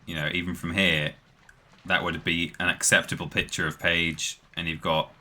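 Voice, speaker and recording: A man's voice: low-pitched, flat delivery, moderate pace, bright, forceful tone. A man hosting a livestream, giving casual commentary on the game he is playing with chatty, self-amused asides. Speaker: streamer host.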